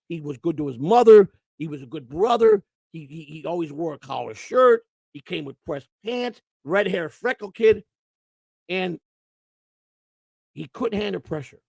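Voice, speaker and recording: Older male host, raised pitch with gravel, rambling storyteller who swears freely and quotes everyone. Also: no room sound. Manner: profane, rambling anecdotes with quoted voices. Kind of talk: casual storytelling.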